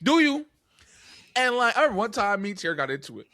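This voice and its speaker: A man, co-hosting a podcast, telling a story with swearing and rising to yelling. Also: sits high, sing-song, fast, dry recording, clean studio sound. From New York area. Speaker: podcast co-host. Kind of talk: casual podcast chat.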